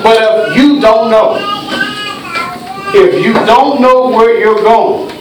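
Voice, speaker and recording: A man preaching a sermon in a church, telling a dramatic story and swinging between hushed tones and shouts. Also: very high-pitched, fairly even intonation, slow pace. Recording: echoey church hall from far off, faint hiss.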